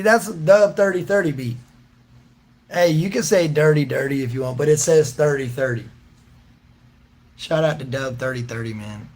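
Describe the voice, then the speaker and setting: Guy on a livestream, kinda high voice, loose and jokey, laughing with chat. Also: normal speed, pauses often, darkish tone. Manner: loose and joking, often laughing, slangy. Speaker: livestream host reading chat.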